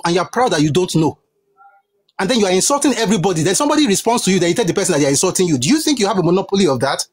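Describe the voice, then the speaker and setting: A young man with a Nigerian English, Yoruba accent passionately scolds an opponent during a heated live debate. His voice is high-pitched with a breathy edge.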